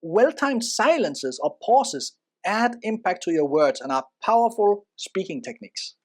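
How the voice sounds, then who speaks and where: A presenter giving a spoken lesson in instructional narration, expressive and varying loudness for emphasis. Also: medium pitch, a little slow.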